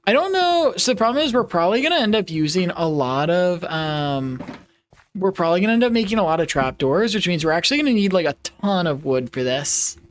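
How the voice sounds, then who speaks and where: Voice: mid-range voice, big pitch swings, brisk, slight background noise. A young adult live streamer chatting casually while playing, giggly and playful, rambling with lots of restarts.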